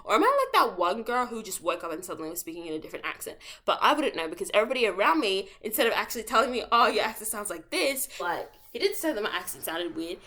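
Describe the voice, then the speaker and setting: A woman's voice: mid-range voice, very animated, racing, few pauses, sharp tone. A young adult woman vlogging in a casual, rambling monologue, full of playful slangy asides and self-interruptions. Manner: rambling, self-interrupting, jumps between topics.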